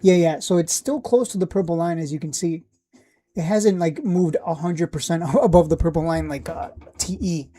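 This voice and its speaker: A woman hosting a casual stock live stream, thinking aloud with lots of fillers and blunt asides, a little hoarse from losing her voice. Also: lowish voice, normal speed, mellow. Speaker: stock livestream host.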